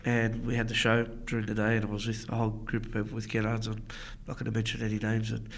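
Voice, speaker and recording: A man with an Australian accent, a business manager guesting on a podcast, telling funny stories with animated, laughing delivery. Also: on the low side, fast, creaky, a little hiss or hum. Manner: animated storyteller, laughs at own tales. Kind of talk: casual interview chat.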